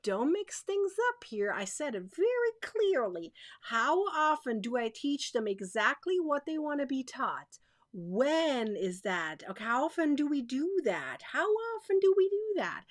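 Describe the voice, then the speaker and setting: A woman's voice: high-pitched, sing-song, normal speed, hardly any pauses, no room sound. A woman hosting a live crochet stream, chatting straight to her viewers in a bubbly way, repeating herself and laughing often.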